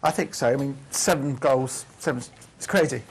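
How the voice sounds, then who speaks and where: A man's voice: mid-range voice, normal speed, a little hiss or hum. A man on a football podcast panel giving a matter-of-fact opinion. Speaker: panel guest. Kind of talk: casual football chat.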